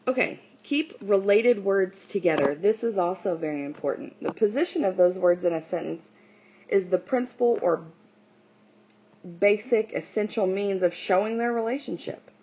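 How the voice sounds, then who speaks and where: A woman teacher explaining writing style in a recorded lesson, often pausing on "okay" and "um". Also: medium pitch, mellow, a little hiss or hum, poor audio.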